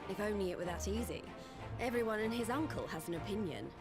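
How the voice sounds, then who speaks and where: A woman playing a young rebel leader, frank and hearty, game dialogue, music playing clearly behind her. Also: mid-range voice, lively intonation, quick pace, natural voice. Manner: plainspoken, hearty.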